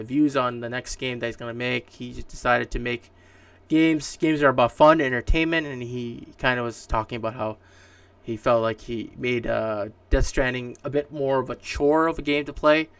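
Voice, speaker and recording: A man's voice: medium pitch, normal speed, fairly bright tone, smooth, no echo. A man hosting a solo podcast, chatting casually through gaming news in a rambling way, full of fillers and restarts. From Canada. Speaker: podcast host. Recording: distant mic, dry room.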